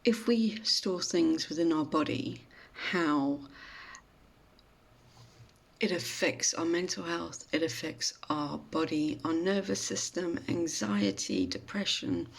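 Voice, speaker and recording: Woman, mindfulness speaker, storytelling, slow gentle delivery, gravelly voice. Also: low voice, animated. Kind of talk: storytelling talk.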